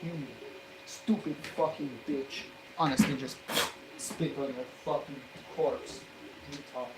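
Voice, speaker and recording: A man's voice: a little high, slow. Man muttering and swearing over soldering. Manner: mutters quietly, then erupts into loud profane yelling. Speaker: maker filming his electronics work. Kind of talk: muttered running commentary while soldering. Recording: steady background noise.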